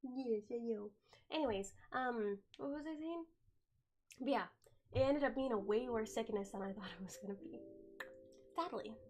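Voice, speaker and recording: Young woman streamer, kinda high voice, getting over the flu, rambly and chatty with lots of ums. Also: normal speed, pauses often, darkish tone. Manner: rambling and chatty, lots of "um" and "like", talks to chat and her cat. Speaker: live streamer. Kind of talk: casual live-stream chat.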